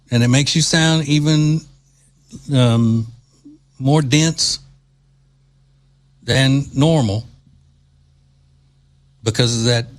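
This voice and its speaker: Indignant man from Louisiana hosting talk. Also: a little high. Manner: mocking, indignant, drawling delivery. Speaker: talk show host. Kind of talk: political commentary.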